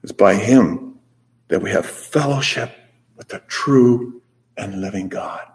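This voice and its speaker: Slow-spoken male preacher, emphatic swings. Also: vocal fry. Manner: swings between loud emphatic peaks and soft low phrases. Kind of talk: sermon.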